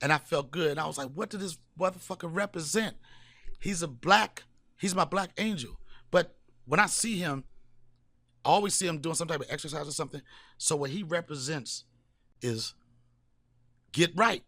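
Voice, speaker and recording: A man hosting a comedy podcast, telling loud, profane stories and shouting hype sign-offs. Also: on the high side, normal speed, pauses often, dry recording. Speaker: podcast host. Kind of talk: casual comedic podcast talk.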